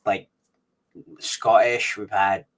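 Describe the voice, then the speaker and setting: A man's voice: fairly low pitch, flat delivery, slow, fairly bright tone. A man co-hosting a podcast in casual chat, talking loosely with many fillers and asking teasing questions. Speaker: podcast co-host.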